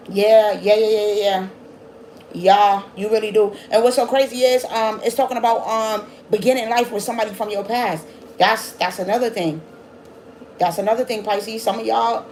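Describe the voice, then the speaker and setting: Woman tarot reader, quick, blunt and scolding, swears and repeats lines, faint hum behind. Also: medium pitch, darkish tone, rough recording. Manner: repeats herself, quick restarts. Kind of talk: casual tarot reading.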